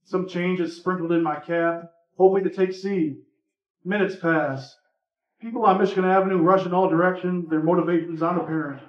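A man with a slightly high voice reads a personal story aloud at a live event, relaxed and conversational. He sounds muffled and far from the mic, in a roomy, echoing space. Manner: relaxed, conversational, a few fillers between parts. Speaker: reader at a live reading. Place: indoor reading event. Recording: echoey room, from far off, muffled.

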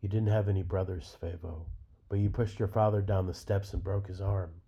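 A man's voice: sits low, normal speed, gravelly, breathy edge, heavily acted. A man reading as a weary, patient wife. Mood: reproachful. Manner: quiet, calm, gently reproachful. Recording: dull lo-fi recording.

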